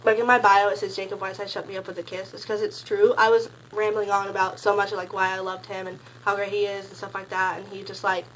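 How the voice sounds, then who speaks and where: A woman's voice: fast talker, few pauses, slight background noise, poor audio. Gushing teen girl rambling about a concert. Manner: gushing, rambling, heavy use of "like"; bursts into high excited squeals when quoting. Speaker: concert fan recounting a meet and greet. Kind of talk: casual storytelling vlog.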